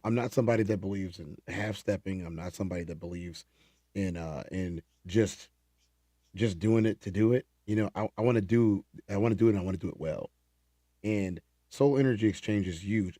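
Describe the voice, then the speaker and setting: Lively low-voiced male livestream host. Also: no echo. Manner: animated, repeats words and restarts. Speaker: livestream host reading chat. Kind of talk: casual late-night chat.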